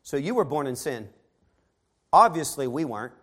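A man preaching a sermon who reads scripture aloud and then retells it in casual modern words, swinging between soft asides and loud emphatic stretches. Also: fairly high pitch, sing-song, normal speed.

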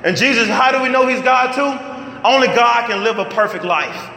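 Male preacher, high bright voice, animated call-and-response delivery, long hall reverb, faint room noise. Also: moderate pace, vocal fry. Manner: lively, call-and-response preaching with rising shouts. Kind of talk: sermon.

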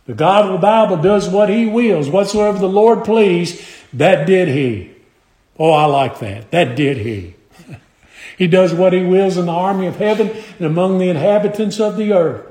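A man preaching a sermon, emphatic and measured, drawing out scripture lines in old wording. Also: high-pitched, expressive, mellow. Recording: echoey room.

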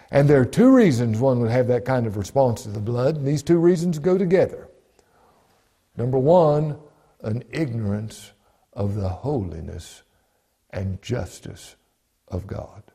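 A male pastor preaching a sermon, emphatic and repetitive, slowing and dropping to a hush when quoting scripture. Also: medium pitch. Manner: emphatic, repeats key phrases, slows and drops to a hush on scripture. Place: church broadcast.

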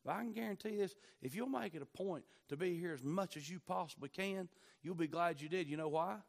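A man delivers a sermon in a high, bright-edged voice. He swings between hushed, intimate asides and fervent climaxes, drawing out key words for emphasis. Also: brisk, vocal fry. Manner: impassioned, surging from quiet to near-shouting. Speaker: pastor.

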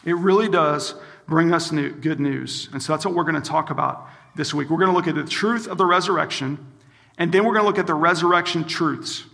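A middle-aged campus minister preaches in a high, bright voice with a gravelly edge. He tells a story and acts out each person's lines as he goes. His words ring out with a long reverb, as in a large hall. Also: brisk. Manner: storytelling, acts out quoted dialogue. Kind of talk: sermon.

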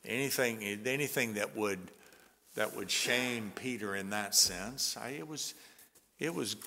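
A man preaching a sermon as pastor, earnest and conversational, with soft chuckles between points. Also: lowish voice, gravelly. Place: church sanctuary. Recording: long church reverb.

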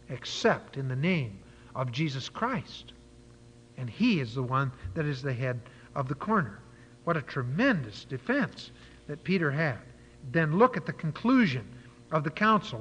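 Bright-voiced preacher in a dull echoing hall. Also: male voice, fairly high pitch. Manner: storytelling Bible teaching with frequent fillers. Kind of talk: sermon. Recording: dull lo-fi church hall recording.

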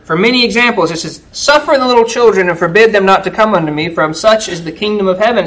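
Man, preacher, conversational sermon, animated storytelling, asks "right?" often. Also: high voice, low-quality recording.

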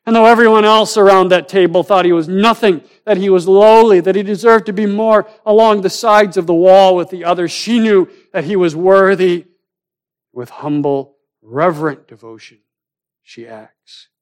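Preacher with dramatic loud-soft swings. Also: male voice, high-pitched, fairly even intonation, moderate pace, few pauses, clean tone. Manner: swings from loud, rising emphasis to hushed, near-whispered lines. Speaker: pastor. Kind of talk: sermon.

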